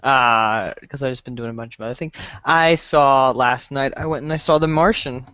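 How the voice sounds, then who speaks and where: Male podcast co-host, easygoing, halting, dry lo-fi mic. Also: medium pitch, clean tone, no echo. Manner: relaxed, halting, with fillers. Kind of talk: casual podcast chat.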